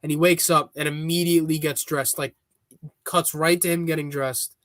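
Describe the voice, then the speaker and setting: Guest rambling man, slightly high voice. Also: normal speed, dry recording, clean studio sound. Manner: rambling, restarts often, excitable. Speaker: podcast guest. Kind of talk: casual chat.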